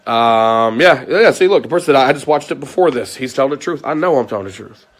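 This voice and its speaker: A man at an ordinary middle pitch airs a grievance straight to camera. He repeats himself, stumbles over restarts, and drops curses as he builds his case. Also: expressive, fast talker. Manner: aggrieved, repetitive, swears often. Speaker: vlogger. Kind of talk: ranting monologue to viewers.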